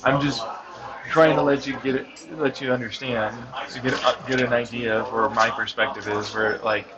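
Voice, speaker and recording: A man's voice: mid-range voice, normal speed, crowd noise. A young man arguing animatedly with his parents over dinner, pleading and restarting his sentences. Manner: animated, pleading, with many restarts and mock-quotes. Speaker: son talking with his parents. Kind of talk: casual family argument. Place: busy restaurant. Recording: muffled recording in a loud crowded restaurant.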